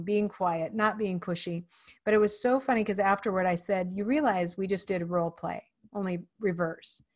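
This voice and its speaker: A woman hosting a casual interview show, telling stories with lots of energy. She acts out the people in her stories and often restarts her sentences with fillers. Her voice sits at a middle pitch. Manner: animated storyteller, acts out quoted voices. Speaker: podcast host.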